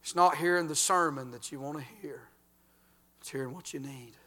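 An older man, a pastor preaching a folksy sermon that swings between loud and quiet. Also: fairly high pitch, normal speed.

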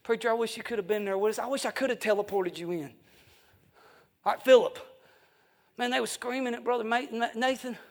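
Evangelist, male, very high voice with gravelly fry, fervent emphatic revival preaching. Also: fairly quick, pauses often. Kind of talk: evening revival sermon.

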